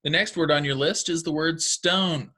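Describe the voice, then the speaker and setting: A man's voice: on the high side, moderate pace, sharp tone. A man teaching second graders a recorded phonics lesson, patient and encouraging, explaining step by step.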